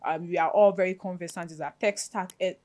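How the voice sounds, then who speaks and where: A woman with a Ghanaian English accent, a software developer talking casually as a panel guest and leaning heavily on "like". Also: lowish voice, fairly even intonation, fairly quick. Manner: chatty, leans heavily on "like". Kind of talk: panel discussion.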